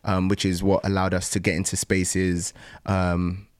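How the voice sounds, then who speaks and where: A young adult man, a startup founder, talking casually in an interview, pausing often with ums and restarting sentences. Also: deep voice, completely flat delivery, no room sound. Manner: thoughtful, frequent um pauses and restarts.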